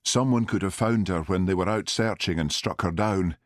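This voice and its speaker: Guy doing a tired firm village cop, deep dry voice. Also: normal speed, no room sound, close to an everyday voice. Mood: weary. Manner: weary, firm. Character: weary Highland village policeman, man.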